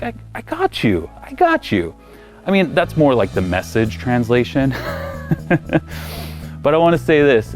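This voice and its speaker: A man in his thirties preaching a sermon as pastor, telling stories and acting out the voices, loud one moment and nearly whispering the next. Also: mid-range voice. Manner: animated storyteller acting out voices, ranging from loud to near whisper. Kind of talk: sermon with personal storytelling.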